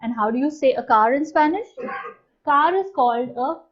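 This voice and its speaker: A woman teaching a language lesson, saying each new word slowly and clearly and then repeating it. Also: high voice, expressive. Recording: dull, slightly lo-fi sound.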